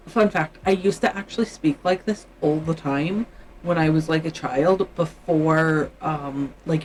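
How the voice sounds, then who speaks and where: A woman's voice: low voice, darkish tone, a little hiss or hum, rough recording. A Canadian woman chatting casually on her livestream, musing aloud and often trailing off mid-thought.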